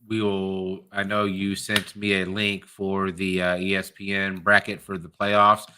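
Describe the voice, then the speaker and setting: A man with an Australian accent co-hosting a casual livestream chat, relaxed and loose with swear words. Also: deep voice, unhurried, background noise. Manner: laid-back, swears casually, laughs often. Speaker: co-host.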